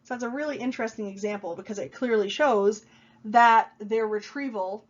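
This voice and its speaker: A woman's voice: fairly high pitch, moderate pace. A woman college instructor giving a recorded online lecture, explaining with frequent fillers, slightly congested from a cold. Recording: dull lo-fi sound.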